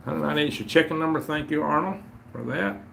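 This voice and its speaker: A man's voice: on the high side, quick pace, vocal fry, a bit bright, a little hiss or hum. A man, hosting a casual livestream chat in a rambling, folksy way. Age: 50s. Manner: rambling, folksy, greets viewers and reads chat aloud. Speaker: livestream host.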